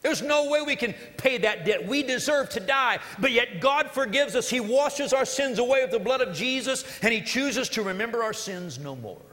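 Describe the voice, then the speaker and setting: Guy preaching, high bright voice, echoey church hall, jokes around as he tells the story. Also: normal speed, hardly any pauses. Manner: animated storytelling with joking asides. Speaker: pastor. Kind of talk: sermon.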